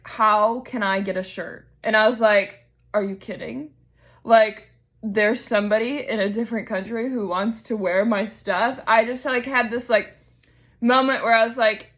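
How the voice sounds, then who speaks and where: A young woman with a drawl talks through her week on her own podcast. She chats freely and openly, full of "like" and "um". Her pitch sits in an ordinary middle range. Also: fairly even intonation, measured pace, a bit bright. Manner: chatty, emotional, lots of fillers. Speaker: podcast host. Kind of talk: casual solo podcast.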